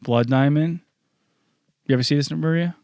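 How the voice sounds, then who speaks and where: Podcast host, male, relaxed rambly chat, dry close mic. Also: fairly high pitch, normal speed, no echo. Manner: laid-back, rambling, loose. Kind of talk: casual chat.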